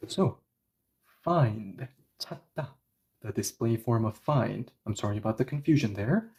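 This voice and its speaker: A man teaching a live language lesson, explaining grammar step by step and often correcting himself with quick apologies. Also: lowish voice, expressive, a little mellow.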